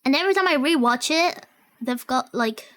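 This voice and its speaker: A woman streamer chatting casually while reacting to videos, excitable and giggly, often trailing off and repeating herself. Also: high voice, moderate pace.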